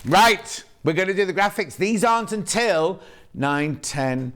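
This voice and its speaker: A man's voice: high voice, expressive, a bit bright. Chatty man presenting live sales. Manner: chatty, rambling, quick self-corrections. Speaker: shopping channel presenter. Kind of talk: live sales presenting, reading viewer messages. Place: TV studio.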